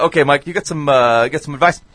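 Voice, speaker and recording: A man's voice: fairly high pitch, quick pace, fairly bright tone. A man hosting a podcast, joking around and hesitating with many fillers. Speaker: podcast host. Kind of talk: casual podcast chat. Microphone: studio mic.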